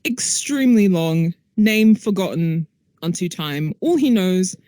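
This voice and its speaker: A woman game master narrates a spooky tabletop scene despite a sore throat. She speaks low-key, with frequent fillers, at a middle pitch. The sound is dry and close. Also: lively intonation, measured pace, dark tone, dry recording.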